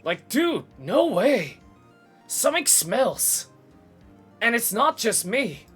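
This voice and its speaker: A man voicing an excitable young male surfer dude who talks in drawling bro slang, in a game read-along. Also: extremely high pitch, slow, soft background music, voice pushed up, exaggerated voice. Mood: indignant.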